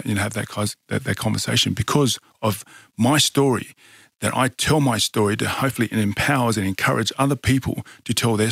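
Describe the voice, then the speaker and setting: Earnest man with a low voice. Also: creaky, a bit bright, breathy edge, no echo, studio quality. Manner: earnest, many fillers and restarts. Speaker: podcast guest, fighter. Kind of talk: casual storytelling.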